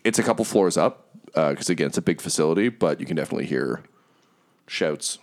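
A man's voice: extremely low pitch, expressive, fast talker, a little mellow. A man narrating as game master in a casual tabletop session, talking hesitantly with many ums and uhs.

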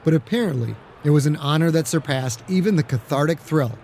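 A man narrating an audiobook in a steady, dramatic storytelling manner. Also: fairly high pitch, fairly quick, gravelly, a little hiss or hum. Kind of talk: scripted narration.

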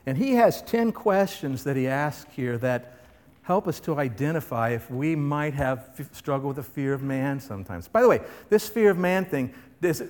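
A man pastor delivering a sermon, emphatic and full of rhetorical questions to the congregation. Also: mid-range voice. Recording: reverberant hall.

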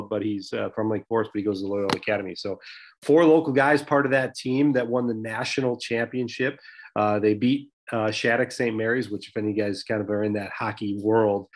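A man's voice: on the low side, steady tone, normal speed. A man co-hosting a local sports podcast, talking in a loose, conversational way with many fillers. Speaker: podcast co-host. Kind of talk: casual sports podcast chat.

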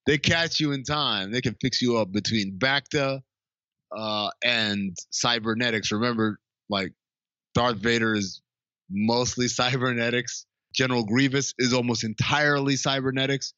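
A man's voice: medium pitch, fairly even intonation, moderate pace, pushed and bright, dry recording. A man chatting casually on a podcast, loose and profane, with frequent laughs. His voice is close and dry, and the sound is a little dull and lo-fi. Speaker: podcast co-host. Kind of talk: casual chat.

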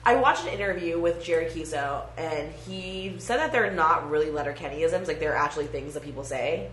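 A woman with a fairly low voice chats casually on a podcast, giggling often and slipping into quoted catchphrases. The room has an audible echo and a faint hiss sits under her voice. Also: fairly quick, a bit bright. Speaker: podcast co-host. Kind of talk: casual chat.

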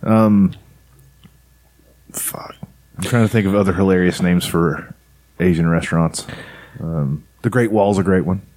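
A man co-hosting a casual podcast, trading deadpan jokes and swearing. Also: low-pitched, a little slow, pauses often, no room sound. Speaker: podcast co-host. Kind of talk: casual crude banter.

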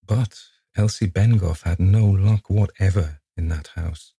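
A man narrates a ghost story in a measured, grave way, with a very deep, gravelly voice. His tone is dark and very husky, and the recording is close and dry. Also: dry recording. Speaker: audiobook narrator.

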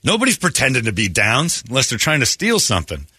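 Husky, lively-voiced radio host man. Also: medium pitch, fast, dry recording, studio quality. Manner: crude, joking, rambling. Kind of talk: casual morning radio chat.

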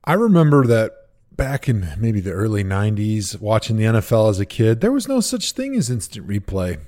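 A man's voice: on the low side, a little fast. A man in his thirties co-hosting a sports podcast, telling stories and giving opinions with frequent laughter. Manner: animated storyteller, laughs often. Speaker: podcast co-host, former pro football player. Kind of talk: casual chat.

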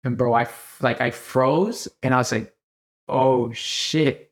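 A man's voice: medium pitch, normal speed. A young man co-hosting a podcast, telling a rambling story in casual chat and acting out what his friends said. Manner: rambling, animated, acts out quoted friends. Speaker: podcast co-host.

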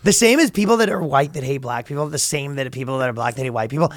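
A man's voice: mid-range voice, quick pace, dry recording, studio quality. A man co-hosting a casual comedy podcast, rambling with many restarts and frequent laughs. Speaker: podcast co-host.

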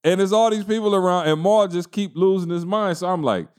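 A man's voice: sits high, fairly quick, a little mellow, clear, resonant tone. A man co-hosting a podcast, telling a funny story in loose slangy casual chat and laughing often. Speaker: podcast co-host.

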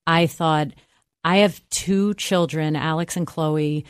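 A woman's voice: sits low, steady tone, slow, clean tone, no room sound, clean studio sound. A middle-aged woman hosting a podcast, talking and narrating in an earnest, thoughtful way. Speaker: host and medical correspondent.

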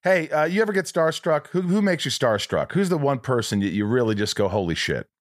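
A man hosting a casual interview, blunt and quick to swear. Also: mid-range voice, big pitch swings, no room sound, clean studio sound. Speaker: podcast host.

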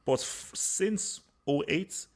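Stammering, laughing man with lively pitch. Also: slow pace. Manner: stammering restarts, laughing storyteller. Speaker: podcast co-host. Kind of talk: casual football chat.

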